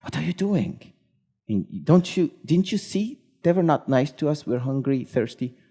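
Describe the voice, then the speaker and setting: A man voicing an impatient, outraged male prophet in a told story, with high, agitated protests. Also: a little slow, warm tone. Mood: indignant. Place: live storytelling event.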